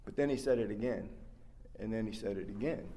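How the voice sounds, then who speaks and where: A man's voice: lowish voice, brisk, mellow. A man giving a rambling, heartfelt personal share as a speaker at a recovery workshop, full of fillers and restarts. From West Virginia.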